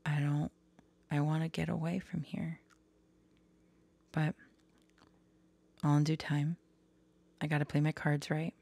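In a deep, slightly rough voice with vocal fry, a tarot vlogger from Florida addresses her viewers at a measured pace, pausing often and keeping her delivery flat. Her candid talk is soft, hesitant and confiding, frequently dropping to a whisper, with no room sound.

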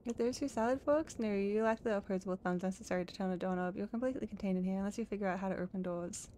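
A woman's voice: mid-range voice, racing, warm tone, slight background noise. A woman playing a video game, reading its text aloud and joking along playfully. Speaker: let's play host. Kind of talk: casual game playthrough with read-aloud narration.

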